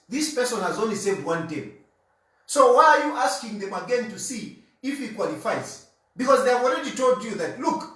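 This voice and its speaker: A man's voice: high voice, a bit bright, distant mic. A Zambian man giving an insistent political monologue, repeating his points over and over for emphasis. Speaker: political commentator. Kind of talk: argumentative monologue. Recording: echoey room, voice off-mic.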